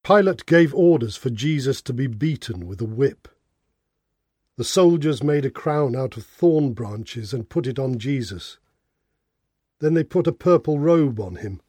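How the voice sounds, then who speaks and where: A man narrating a Bible reading in a clear, expressive way. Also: medium pitch, measured pace, no room sound.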